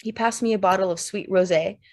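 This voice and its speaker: Woman audiobook narrator, slow lyrical reading, first person story. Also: medium pitch, steady tone, darkish tone. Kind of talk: literary fiction reading.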